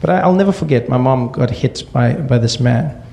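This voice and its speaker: Male stand-up, creaky voice, deadpan storytelling. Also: mid-range voice. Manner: deadpan asides in a slow build. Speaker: stand-up comedian.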